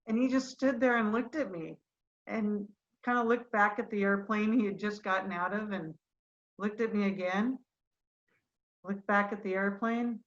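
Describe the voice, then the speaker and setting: A middle-aged woman, a retired fighter pilot, telling animated, self-deprecating stories as a guest in a video-call interview. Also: mid-range voice, dull audio.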